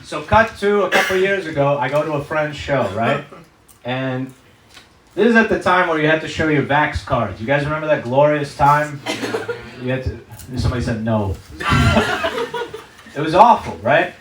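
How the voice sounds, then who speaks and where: A man's voice: fairly high pitch, expressive, moderate pace, pauses often, a bit bright, slight background noise. Guy doing stand-up, swears a lot, roomy stage sound, mic a bit far off, crowd laughing behind. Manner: profane storytelling, acts out characters' voices. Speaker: stand-up comedian. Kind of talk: stand-up comedy set. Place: comedy stage before a live audience. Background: audience laughter and claps.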